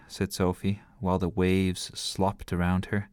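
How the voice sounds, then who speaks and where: A man reading a bedtime story aloud in a gentle, lively storytelling manner. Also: low voice, unhurried, few pauses, clean tone, no echo, clean studio sound.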